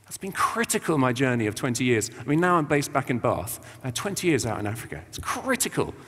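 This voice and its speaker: A man's voice: mid-range voice, big pitch swings, quick pace, background noise. Chatty preacher man in a reverberant church. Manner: chatty and colloquial, acting out quotes with slang. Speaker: visiting preacher. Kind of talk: informal sermon.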